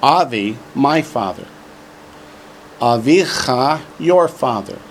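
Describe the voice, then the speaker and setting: Slow-talking male Hebrew teacher. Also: mid-range voice, lively intonation, a little hiss or hum. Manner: slow, drawn-out drilling of words for repetition; joking asides. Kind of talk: classroom lesson.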